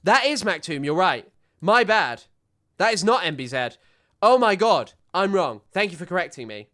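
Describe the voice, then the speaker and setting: A man streaming casual reaction commentary. He has a bright, clear voice pitched fairly high, and his manner is sardonic and quick to react. He is close on a desk mic. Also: very animated. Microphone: desk microphone.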